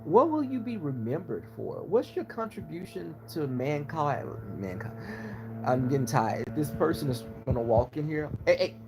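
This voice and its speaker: A man chats with his viewers in an unhurried, gossipy way and speaks his mind. His voice sits a little high and swings widely in pitch. A gravelly fry runs through it. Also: sing-song, noisy background. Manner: chatty, gossipy, frank opinions. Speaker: YouTuber answering viewers. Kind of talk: casual live-stream chat.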